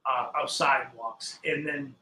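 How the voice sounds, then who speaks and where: A man's voice: mid-range voice, fairly even intonation, unhurried, sharp tone, roomy sound, poor audio. An older man casually telling a long story as a podcast guest, acting out the people he quotes.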